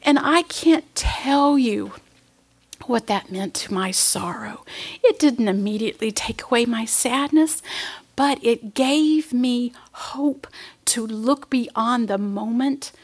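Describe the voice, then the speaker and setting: High-voiced woman preaching with emotion. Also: slow pace. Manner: earnest, emotional, at times whispering. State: tearful. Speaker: pastor's wife preaching. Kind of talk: sermon.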